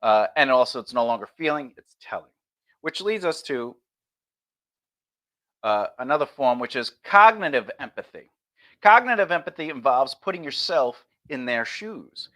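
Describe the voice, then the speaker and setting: Bright-voiced man giving a casual lesson. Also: medium pitch, expressive, moderate pace. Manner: loose, chatty, acts out example replies. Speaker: streamer teaching conversation skills.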